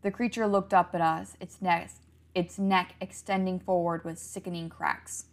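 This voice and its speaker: Low, gravelly woman storyteller, hushed horror narration. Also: flat delivery, moderate pace.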